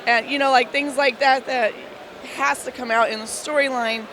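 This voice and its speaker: Woman, hoarse voice, comic editor, casual interview, laughs easily, loud floor noise. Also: high-pitched, normal speed. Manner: laughing, animated storytelling. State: hoarse, losing her voice. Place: busy convention floor. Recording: noisy convention floor. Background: crowd and hall ambience.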